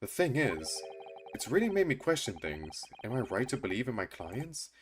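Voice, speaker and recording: A man voicing an earnest young male lawyer, soft and hesitant. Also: medium pitch, very animated, normal speed, a little hiss or hum, natural voice. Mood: doubtful.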